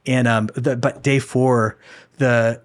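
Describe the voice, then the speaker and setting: A man telling a long story in a casual podcast conversation, with many fillers and restarts. He laughs often and drops soft and quiet for the reflective parts. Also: medium pitch, flat delivery, slow pace.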